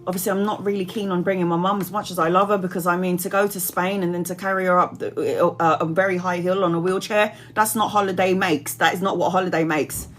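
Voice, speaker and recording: A woman's voice: on the low side, fairly even intonation, fast, hardly any pauses, fairly bright tone, soft background music. A woman in her forties, a tarot reader chatting casually to viewers on a live stream, rambling, laughing often and reading out comments.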